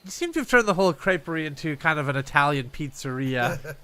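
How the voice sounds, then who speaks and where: High, bright-voiced man improvising dry comedy. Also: lively intonation, clear, resonant tone. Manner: dry, wry questioning, quick laughs.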